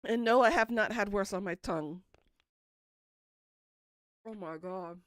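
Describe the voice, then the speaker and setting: Talking to her chat a little slowly in a medium-pitched voice, a woman streams a spicy food challenge. She swears a lot and groans and coughs as the heat builds. The recording is clean, studio-grade, and echo-free.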